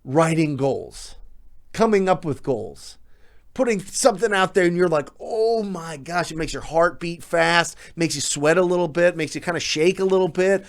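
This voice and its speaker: A man giving a motivational talk as a real estate coach, energetic and emphatic, often repeating words for emphasis. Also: a little high, moderate pace.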